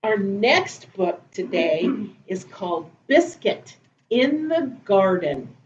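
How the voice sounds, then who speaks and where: A woman teacher reading picture books and poems aloud to preschoolers in a slow, gentle, sing-song way. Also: medium pitch, very animated, roomy sound, muffled recording, a little hiss or hum. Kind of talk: children's storytime reading.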